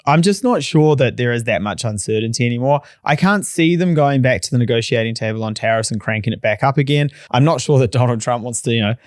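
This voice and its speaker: A man's voice: mid-range voice, lively intonation, quick pace, few pauses, dry recording. Kiwi guy talking finance on a podcast, sure of himself, dry mic. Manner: confident, emphatic, plain-spoken. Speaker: podcast co-host, mortgage broker. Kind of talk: casual chat.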